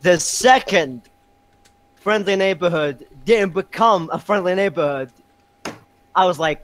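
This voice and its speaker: A man chatting as a podcast guest, excitable and rambling, laughing loudly. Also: high voice, a little slow, pauses often, no room sound, low-quality recording. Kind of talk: casual podcast chat.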